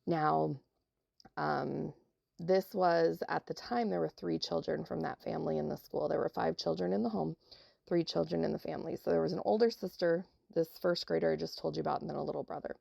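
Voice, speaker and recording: A middle-aged teacher from South Dakota, telling a heartfelt classroom story on a podcast. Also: female voice, deep voice, steady tone, fairly quick, vocal fry, a little mellow, no room sound, studio quality. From South Dakota, USA. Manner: heartfelt and emotional, with many fillers. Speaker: elementary teacher.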